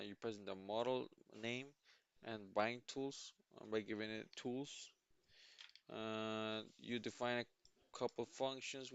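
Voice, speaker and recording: A man live-streaming his coding, reading documentation aloud and musing with halting restarts; he sounds sleepy. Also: on the low side, clear, resonant tone, dull audio. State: sleepy, yawning. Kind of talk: thinking aloud while reading docs.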